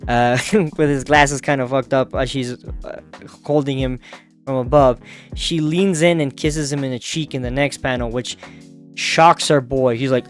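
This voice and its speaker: A man's voice: medium pitch, fairly even intonation, normal speed, soft background music. A man hosting a casual manga recap who talks loosely, laughs often, swears and uses many fillers. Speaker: manga review host.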